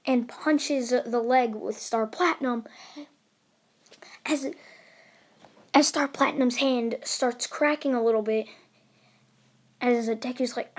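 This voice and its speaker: A woman's voice: fairly high pitch, steady tone, slow, long pauses. Rambling woman telling a fan story. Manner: rambling, with many fillers and restarts. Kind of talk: improvised fan story narration.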